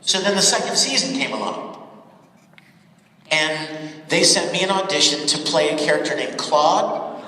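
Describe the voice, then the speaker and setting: A man's voice: fairly high pitch, a little slow, pauses often. A man speaking as a voice-actor guest at a convention panel, telling stories in a chatty, laughing manner. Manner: animated, laughing, chatty storyteller. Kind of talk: convention Q&A storytelling. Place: large convention panel hall. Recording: echoey hall from far off. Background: crowd and room noise.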